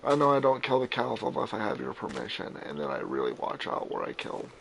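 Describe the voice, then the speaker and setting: A man's voice: fairly low pitch, brisk, gravelly, slight background noise, low-quality recording. Casual chatty gamer guy. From Florida, raised in Arizona. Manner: animated, profane storytelling. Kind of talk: casual chat while playing.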